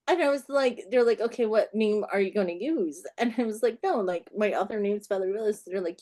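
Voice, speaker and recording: A woman author as an interview guest, telling stories in an animated way, often laughing and acting out the people in them. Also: medium pitch, brisk. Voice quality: acts out the people in her stories.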